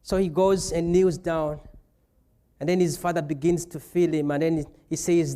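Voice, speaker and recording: A man's voice: on the high side, flat delivery, moderate pace, dark tone. A man preaching a sermon as pastor, retelling a scripture story with playful asides.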